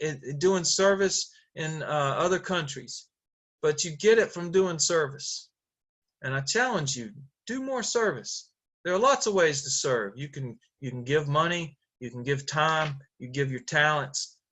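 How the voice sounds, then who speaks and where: A middle-aged man speaks over a video call with a bright, forceful voice pitched a little high. He tells his story earnestly, stumbling through fillers and restarts. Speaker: Rotary district governor.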